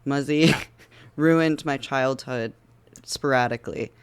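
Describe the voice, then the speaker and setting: A man with a smooth, resonant voice at a middle pitch, chatting on a podcast over a video call. He delivers his jokes in a dry, deadpan way. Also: takes it slowly. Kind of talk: casual chat.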